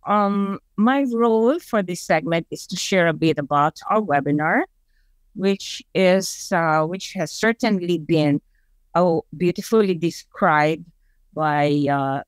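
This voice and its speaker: A woman's voice: on the low side, slow pace, smooth, dry recording. A woman with a Filipino accent giving a webinar presentation, telling stories and leading the audience in call-and-response syllables. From Philippines.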